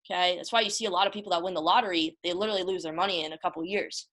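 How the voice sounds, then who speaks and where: A woman's voice: lowish voice, fairly even intonation, rapid-fire, fairly bright tone. A woman hosting a casual motivational talk, emphatic and emotional, often repeating herself and calling her listeners y'all. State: emotional, close to tears. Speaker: motivational host.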